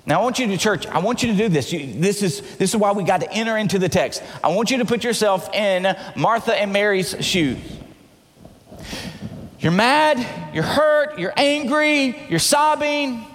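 A pastor preaching a sermon with passion, dropping to hushed tones and rising to shouts. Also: male voice, high voice, expressive, a little fast, few pauses, long reverb tail.

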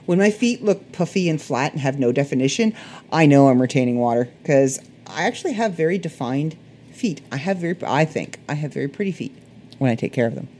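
A woman with a Canadian accent, a little hoarse, rambling through a casual solo podcast chat. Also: low voice, expressive, brisk, mellow, slight background noise. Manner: rambling, chatty, self-correcting. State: slightly hoarse. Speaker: podcast host.

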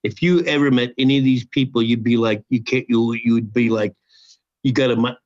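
A man's voice: medium pitch, steady tone, a little fast, a little mellow. Older guy cussing through a long rambly story, kinda dull lo-fi audio. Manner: profane, rambling, repeats himself. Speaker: podcast guest. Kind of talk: casual storytelling chat. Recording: dull lo-fi sound.

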